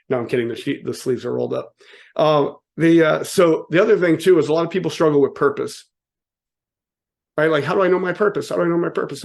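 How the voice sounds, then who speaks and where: A man's voice: medium pitch, vocal fry, darkish tone. A man giving a casual, joking motivational talk to an audience, often asking "right?" and acting out quotes with sudden voice changes. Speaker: motivational speaker.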